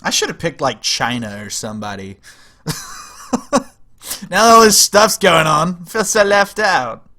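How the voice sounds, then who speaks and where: Giggly young man with a lively, bright voice. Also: fairly high pitch, unhurried, pauses often. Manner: giggly, rambling, chats with viewers. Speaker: streamer playing a strategy game. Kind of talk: casual livestream commentary.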